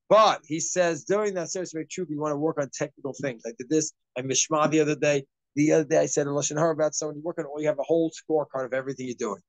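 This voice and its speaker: A man gives an informal Torah class, talking quickly and animatedly. His voice sits on the higher side and is recorded close and dry. He slips into acted asides to make his points. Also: dry recording. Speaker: rabbi giving a class.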